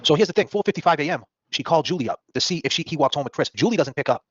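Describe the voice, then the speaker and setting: A man hosting a casual true-crime talk show, talking rapidly and acting out the people he quotes. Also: a little high, no echo. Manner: rapid, animated, acts out quoted people in put-on voices. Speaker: podcast host. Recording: dull, dry lo-fi stream audio.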